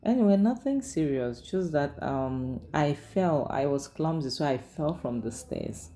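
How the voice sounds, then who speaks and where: A woman's voice: sits low, animated, unhurried, dark tone. Woman doing a meek, evasive young wife. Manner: evasive, nervous denials. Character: young married woman hiding abuse, meek.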